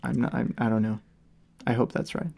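A man's voice: medium pitch, level tone, fairly quick, creaky, a little mellow, husky. A man co-hosting a casual movie review chat, upbeat and playful, laughing often as he teases his co-host. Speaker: podcast co-host.

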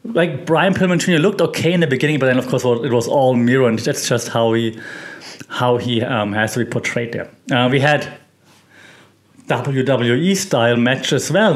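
A man hosting a casual recap show, rambling with many fillers and restarts. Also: medium pitch. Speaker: host.

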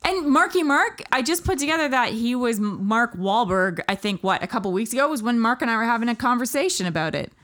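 A woman's voice: a little high, quick pace, few pauses, fairly bright tone. A woman hosting a podcast in casual chat, laughing often and sounding playfully confused. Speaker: podcast host.

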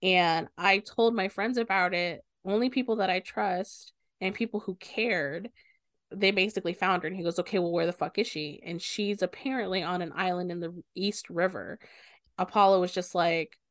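A young woman co-hosting a podcast, retelling a book's plot in lively casual talk and swearing often. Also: fairly low pitch, moderate pace, no room sound, clean studio sound. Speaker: podcast co-host. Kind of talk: casual book discussion.

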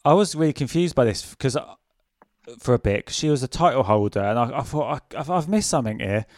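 Brief: male co-host, mid pitch, relaxed and questioning, dry close-mic sound. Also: fairly quick, no room sound. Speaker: podcast co-host. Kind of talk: casual wrestling chat.

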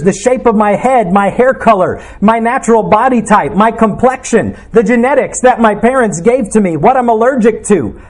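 A man, a pastor, preaching a sermon in an earnest, reflective way, asking his listeners questions. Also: very high-pitched.

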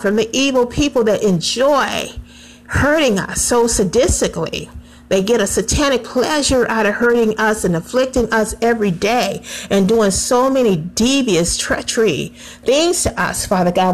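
In a low-quality recording, a woman with a slightly high voice leads a spoken prayer. She prays fervently and pleadingly, returning again and again to the same address to God.

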